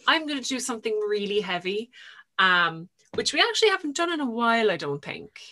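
A young woman co-hosting a casual book podcast, relaxed and agreeable in easy chat. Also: a little high, fairly quick. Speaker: podcast co-host.

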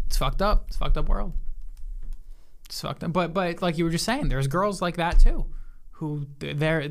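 A woman with a very low voice talks casually with a friend. She speaks in a measured, reflective way and works out her thoughts as she goes. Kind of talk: casual chat.

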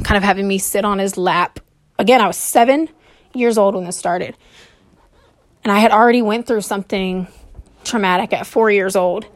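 Woman podcast host, solo story monologue, halting, nervous, a little breathless, mid-pitched. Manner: hesitant, with frequent pauses and fillers.

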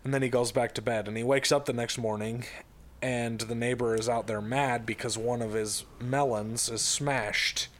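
A man's voice: medium pitch, fairly even intonation, normal speed, a little hiss or hum. Rambling man retelling a story. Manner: rambling storyteller with many fillers and restarts. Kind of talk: casual chat.

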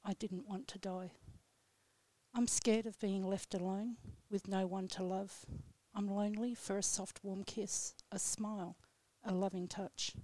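A woman guest on a radio show reading her own poem aloud in a slow, solemn, measured way. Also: medium pitch, fairly even intonation, dark tone, no room sound. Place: radio studio.

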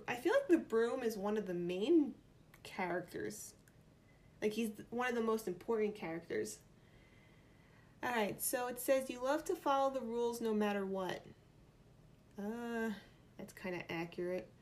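A woman's voice: medium pitch, darkish tone. Chatty woman musing over quiz answers. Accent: New York. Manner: chatty, playful, reads options aloud and muses. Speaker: vlogger. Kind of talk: casual chat, thinking aloud.

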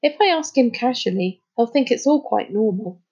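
A woman reading a storybook, voicing a brisk, bossy young girl who speaks crisply. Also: a little high, expressive, a little mellow, dull audio, voice pushed up. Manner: crisp, organizing.

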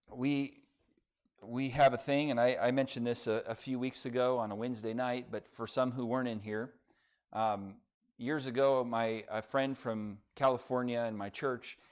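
A middle-aged man, a pastor giving a sermon in a church in a conversational, folksy way, telling a humorous family story. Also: medium pitch.

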